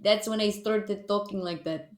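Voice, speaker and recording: A woman guesting on a podcast in casual chat, chatty and quick to laugh. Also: mid-range voice, fairly even intonation. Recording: echoey room.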